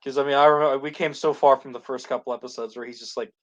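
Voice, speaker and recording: Rapid-fire and barely pausing, a man with a mid-range, steady voice recaps a series on the podcast he co-hosts. The chat is casual and rambling, thick with "like" and restarts.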